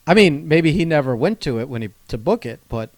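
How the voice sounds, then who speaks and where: A man's voice: a little high, animated, moderate pace, no room sound. A man co-hosting a casual podcast chat, laughing and teasing as he reacts to stories. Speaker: podcast co-host.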